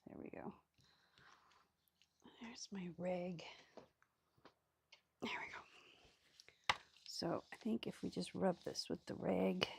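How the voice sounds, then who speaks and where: A woman's voice: fairly low pitch, fairly even intonation, takes it slowly, gravelly, long pauses, in a whisper. A woman hosting a casual crafting video, chatty and self-mocking, often dropping to a murmur as she works. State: hiccups. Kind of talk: casual craft tutorial chat. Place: craft table indoors.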